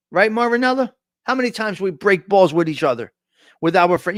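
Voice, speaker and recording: A man's voice: high-pitched, big pitch swings, brisk, no room sound, clean studio sound. A man with a New Jersey accent hosting a casual live-stream chat, brash and profane, joking and talking back to the chat.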